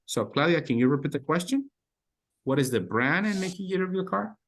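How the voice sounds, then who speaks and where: A man's voice: on the high side, animated, a little fast, fairly bright tone. A man teaching call center English on a video call, repeating phrases and encouraging the learners. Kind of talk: online class coaching.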